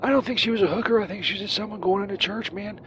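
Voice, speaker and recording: A man plays a crude, sleazy Saint Peter in a comedic call-in, his voice pitched high and full of stammering ums and profanity. He rambles as he talks from outdoors. Traffic noise runs clearly behind him. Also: steady tone, fast talker, a bit bright. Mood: flustered. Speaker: caller on the show. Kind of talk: comedic phone-in bit. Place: outdoors near a church. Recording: noisy street with passing vehicles.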